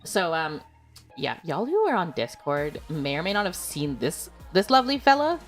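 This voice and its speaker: Woman, streamer, casual chat, lively swooping pitch, giggly, light background music. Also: moderate pace. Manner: chatty and giggly, full of filler words.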